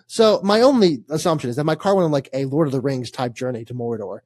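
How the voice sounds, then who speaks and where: A man's voice: fairly high pitch, quick pace, hardly any pauses, darkish tone, no echo. A young man, co-hosting a casual sports podcast and telling a rambling story full of laughs and fillers. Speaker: podcast co-host.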